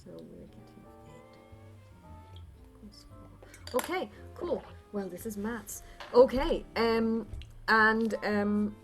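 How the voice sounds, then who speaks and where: A woman running a tabletop horror game as game master, narrating in a measured way. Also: mid-range voice, vocal fry, soft background music.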